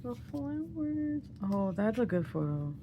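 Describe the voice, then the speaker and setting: A woman's voice: a little high, very animated, a little slow, background noise. A young woman, gushing and giggling as she unboxes albums in a casual vlog. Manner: giddy, gushing, laughs often. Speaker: unboxing vlogger. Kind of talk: excited casual unboxing chat.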